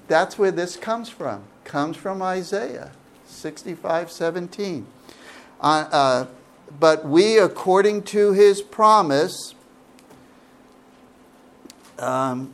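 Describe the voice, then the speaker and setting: Middle-aged male pastor, slightly higher voice, slow and deliberate, teaching Scripture and quizzing the room. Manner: asks the audience questions, animated. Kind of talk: Bible study sermon.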